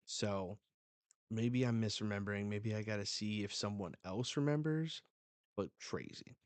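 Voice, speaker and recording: A man hosting a live manga reading reaction, reading panels aloud with excited outbursts. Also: on the low side, normal speed, no room sound.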